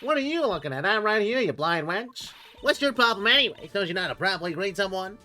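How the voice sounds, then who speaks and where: A woman's voice: medium pitch, animated, quick pace, sharp tone. A woman voicing a rude, foul-mouthed male ventriloquist puppet while playing a game on a stream. He talks in a brash, insulting, swaggering way. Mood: snarky.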